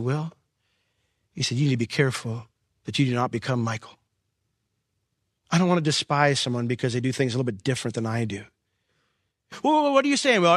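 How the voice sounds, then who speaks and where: A man's voice: medium pitch, no room sound, studio quality. Earnest man preaching a sermon. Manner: earnest, building to impassioned peaks. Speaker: pastor.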